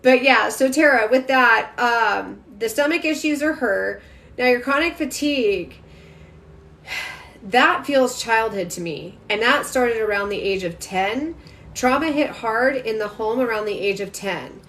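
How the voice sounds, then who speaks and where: A woman's voice: on the high side, a bit bright, slight background noise. Chatty, emphatic woman on a live stream. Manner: rapid, emphatic, chatty, addresses viewers directly. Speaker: intuitive energy reader. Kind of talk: casual livestream reading to viewers. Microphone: phone livestream.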